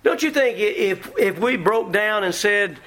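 A middle-aged preacher speaks at a measured pace in a high-pitched, expressive voice, a slight hiss or hum beneath it. He quotes scripture in a folksy, emphatic way and performs his listeners' parts, mimicking congregants with shouts.

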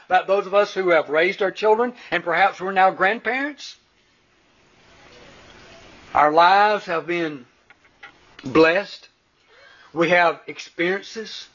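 A man's voice: sits high, sharp tone. An older man preaching a sermon, earnest, with stumbling restarts and emphatic peaks. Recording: dull lo-fi recording.

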